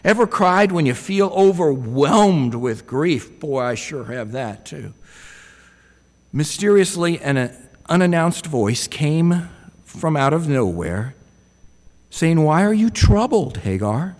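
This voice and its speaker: A man's voice: a little high, animated, takes it slowly, big-room sound. A man preaching a sermon in a reflective way, often putting rhetorical questions to his listeners.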